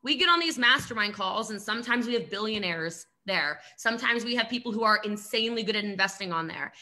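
A woman coach giving an animated, emphatic motivational talk on a video call, often laughing and putting on mock voices. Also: medium pitch, quick pace. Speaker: network marketing coach.

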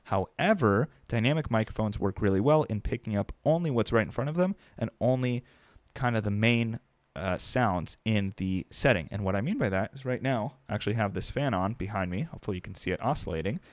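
Young man, low dry voice, upbeat. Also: brisk, no room sound. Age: young adult. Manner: upbeat, conversational, enthusiastic. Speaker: product reviewer and podcaster. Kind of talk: casual product review to camera. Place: home desk, indoors. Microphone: dynamic desk mic on a boom arm, close.

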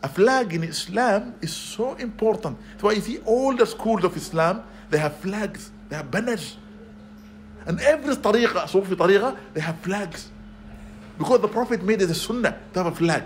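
A man's voice: high voice, lively intonation, normal speed, slight background noise. Earnest man preaching a sermon. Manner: earnest, emphatic preaching with Arabic phrases and rising exclamations. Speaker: spiritual advisor giving a talk. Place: community venue.

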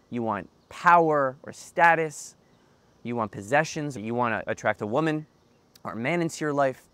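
A young man talking earnestly to camera in a reflective vlog monologue, often repeating phrases for emphasis. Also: medium pitch. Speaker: self-help vlogger.

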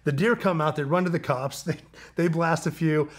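A man as a guest on a casual interview show, spinning a long tale and laughing often. His voice sits a bit high for a man, and he jumps into quoted lines with sudden energy. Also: moderate pace. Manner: animated storyteller, laughs often, mimics people in quotes.

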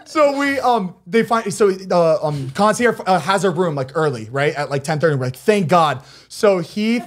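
A man's voice: high-pitched, lively intonation, normal speed. A young man co-hosting a podcast, telling a travel story in casual chat and laughing often. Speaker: podcast co-host.

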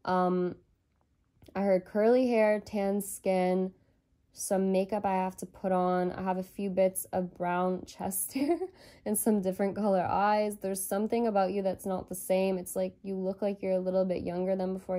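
A woman's voice: mid-range voice, dark tone. A woman giving a channeled tarot reading, rambling and tentative as she thinks aloud. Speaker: tarot reader.

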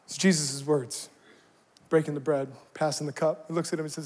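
A male pastor preaching a sermon, swinging between impassioned shouts and a low, conversational tone. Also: flat delivery, a little fast, big-room sound. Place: church service with congregation.

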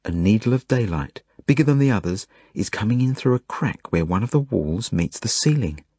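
A man reading his own novel aloud as a first-person audiobook, earnest and measured. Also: lowish voice, expressive, slightly rough, no room sound, clean studio sound. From Australia. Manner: earnest, measured, gentle storytelling.

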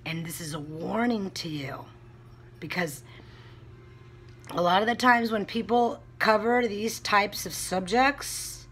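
A woman's voice: mid-range voice, takes it slowly, a bit bright, slightly rough. A woman vlogger ranting bluntly into the camera, heated and cursing often. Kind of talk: casual vlog rant.

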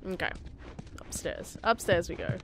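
A woman's voice: medium pitch, expressive, slow pace, noisy background. A woman giving casual let's-play commentary, chatty and giggly, talking to the game characters as she plays. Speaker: gameplay commentator.

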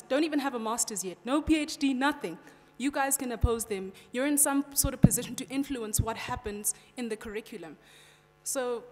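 A young woman from South Africa with a British-sounding South African English accent, giving a passionate conference speech in a direct way, often saying "you know". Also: high-pitched. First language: Xhosa. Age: young adult. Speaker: student speaker. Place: large hall. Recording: long hall reverb.

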